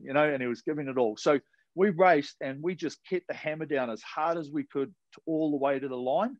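Chatting casually as a podcast guest, a retired rower from New Zealand swaps sports stories, swearing freely and using plenty of slang. His medium-pitched voice moves fairly quickly, and the lo-fi audio has no echo.

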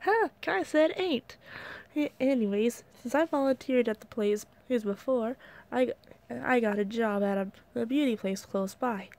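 A woman casually reading her fan story aloud, slightly hoarse, chatting in asides with many fillers and restarts. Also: a little high, normal speed, warm tone. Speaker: fan fiction reader.

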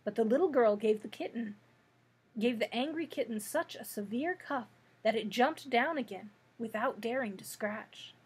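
A woman librarian reading a children's book aloud in a clear, measured storytelling manner. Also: fairly high pitch, animated, rough recording.

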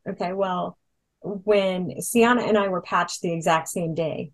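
A woman presenting products chats casually in Hawaii, spinning stories full of ums and restarts. Her voice is medium in pitch and a little slow, and the recording quality is low.

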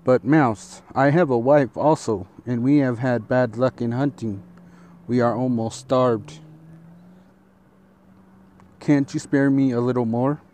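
A man's voice: medium pitch, steady tone, slow pace, pauses often, mellow, slight background noise, close to an everyday voice. A man doing a hungry humble fox. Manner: humble, pleading.

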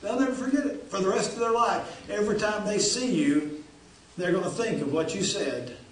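A man's voice: high voice, normal speed. A man preaching a sermon as pastor, folksy and repeating phrases for emphasis. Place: church sanctuary. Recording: very echoey church hall, distant.

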